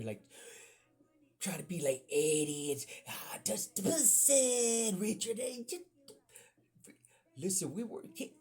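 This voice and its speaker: Gravelly-voiced man telling rambling stories. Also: lowish voice. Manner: rambling, animated, with frequent asides and swearing. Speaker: podcast storyteller. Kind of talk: casual storytelling.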